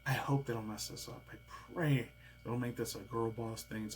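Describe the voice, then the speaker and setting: A man's voice: medium pitch, fairly even intonation, fairly quick, a little hiss or hum, low-quality recording. A man in his thirties hosting a casual reaction video, rambling in a loose, slangy, chatty way. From United States. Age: 30s.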